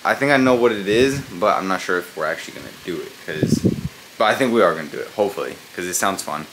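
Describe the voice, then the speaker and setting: A man's voice: low voice, animated, quick pace, a bit bright, a little hiss or hum. A young man talking casually to his vlog camera, rambling with lots of fillers. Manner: rambling, many fillers like "like" and "you know". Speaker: family vlogger.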